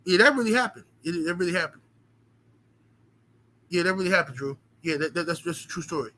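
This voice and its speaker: A man streamer telling a long story to his viewers in a casual, animated, emphatic way, with lots of profanity. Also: on the high side, fairly quick, pauses often, rough recording.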